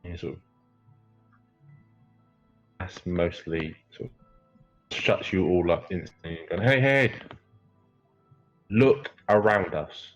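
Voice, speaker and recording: Deep slow-talking man as dungeon master. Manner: hesitant, filler-heavy narration. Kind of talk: narrating a tabletop game. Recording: muffled lo-fi stream audio.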